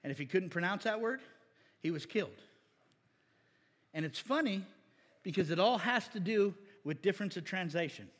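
A man's voice: sits high, lively intonation, moderate pace, pauses often, a bit bright, slightly rough. A male preacher giving a folksy, conversational sermon, often asking the congregation questions. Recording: long hall reverb.

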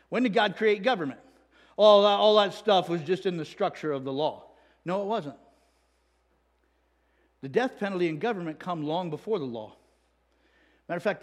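A man's voice: high-pitched, slightly rough, long reverb tail. A male pastor preaching a sermon in a loose, conversational way, with asides and questions put to the congregation.

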